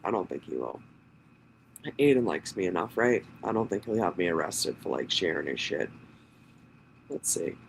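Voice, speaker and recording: A man's voice: low-pitched, big pitch swings, moderate pace, creaky, long pauses, a little hiss or hum, rough recording. A man, hosting his own channel, reading a police report aloud and breaking off for profane, sarcastic asides. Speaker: channel host.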